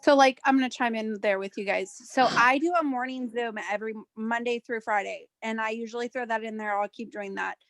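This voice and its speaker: A woman's voice: fairly high pitch, steady tone, a little fast, hardly any pauses, no echo. A woman on a group video call sharing practical work routines in a matter-of-fact way. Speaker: team member giving work tips. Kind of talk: casual advice on a video call.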